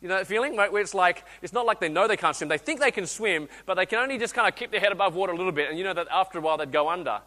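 A man, a guest preacher telling a story in a sermon, swinging between loud urging and quiet intimate speech. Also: high voice, animated, rapid-fire, hardly any pauses, in a large hall. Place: church hall.

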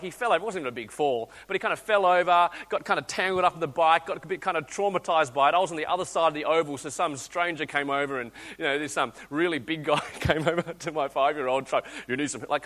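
A man, preaching a sermon, telling stories animatedly and acting out voices, with frequent restarts. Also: a little high. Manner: animated storytelling, acts out voices, restarts often. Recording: long hall reverb.

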